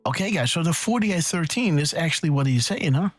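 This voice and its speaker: A man hosting a live decode show, rambling excitedly and thinking aloud, checking in with "right?" and "okay.". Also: fairly high pitch, a little fast, dry recording, faint music behind. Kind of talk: casual live-stream commentary.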